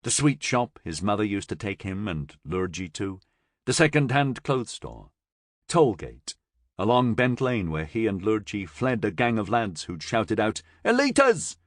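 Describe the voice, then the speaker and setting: A man narrating a science fiction audiobook with expressive, dramatic storytelling on a close mic. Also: lowish voice, unhurried, no room sound. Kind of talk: scripted narration.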